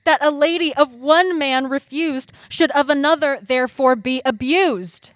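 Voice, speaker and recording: A woman's voice: sits high, measured pace, dry recording, clean studio sound. An actress playing a scorned young woman in a college stage play, hurt and indignant.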